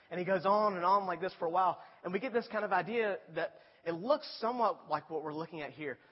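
A man's voice: sits high, fast talker, husky. A man preaching a sermon as a pastor, talking in a conversational way and rising to emphatic appeals. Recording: dull sound with long reverb in a large hall.

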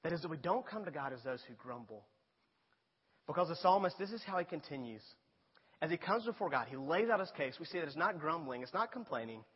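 Preacher guy, kinda high and husky, easygoing sermon that builds up, muffled with a big hall echo. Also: lively intonation, fairly quick. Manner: conversational preaching, rising to emphatic appeals. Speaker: pastor. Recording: dull sound with long reverb in a large hall.

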